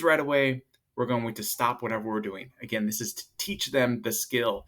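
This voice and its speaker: Speaking straight to camera, this thirty-something parenting coach offers tips in a relaxed, filler-heavy style. His pitch is middling for a man, his intonation fairly even, his speed normal and his tone fairly bright. He sometimes shifts into a higher voice to play parent and kid lines.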